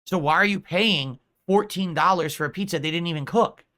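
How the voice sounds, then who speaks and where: Bright-voiced ranting male streamer. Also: on the high side, a little fast. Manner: incredulous, ranting. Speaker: streamer host. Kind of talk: casual chat.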